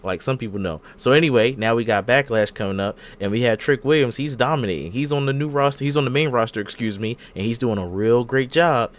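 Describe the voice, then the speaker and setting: Animated man rambling through wrestling predictions. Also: medium pitch, quick pace, few pauses. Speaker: podcast host. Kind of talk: casual wrestling chat.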